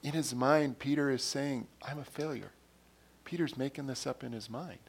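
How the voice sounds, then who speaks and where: A man delivering a sermon at a middle pitch, talking it through in a conversational way. He retells scenes by acting out bits of dialogue and often doubles back on his words as he goes. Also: fairly even intonation, normal speed, breathy edge. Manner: repeats and restarts words. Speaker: pastor.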